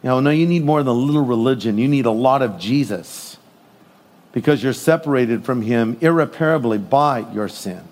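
A middle-aged man preaching a sermon in an animated way, acting out voices as he tells stories and jokes. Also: mid-range voice, normal speed. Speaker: pastor.

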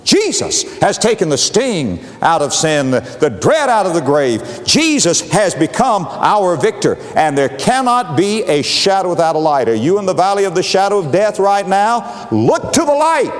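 Guy preaching a sermon, big swoops up and down, booming then hushed, lots of repeating, long echo like a big hall. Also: big pitch swings, moderate pace, hardly any pauses. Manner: dramatic preaching cadence, repeats phrases, swings from booming to hushed.

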